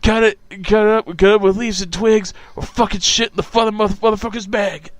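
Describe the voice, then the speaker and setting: A man's voice: high voice, fairly even intonation, fast, no echo, close to an everyday voice. A man doing an impression of a foul-mouthed young stoner, rambling and crude. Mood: manic ranting.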